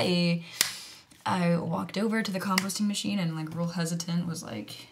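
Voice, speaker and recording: A woman's voice: on the low side, fairly even intonation, brisk, a little hiss or hum. An American woman telling a story in a chatty, casual way, full of fillers and with whispered asides. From United States. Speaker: vlogger.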